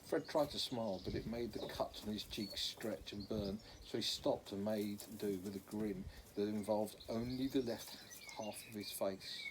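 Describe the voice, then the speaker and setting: A man's voice: fairly low pitch, moderate pace, hardly any pauses, a little hiss or hum, low-quality recording. A man reading a children's novel aloud in an unpolished way, stopping now and then to correct slips. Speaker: reader.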